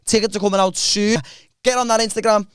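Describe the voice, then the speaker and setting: A young comedian talks up his next show with sweary excitement. His voice sits high and comes across smooth and clean. It is recorded dry and close. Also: quick pace, dry recording. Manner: excitable, plugging gigs, swearing. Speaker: podcast co-host and stand-up comedian. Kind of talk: casual chat.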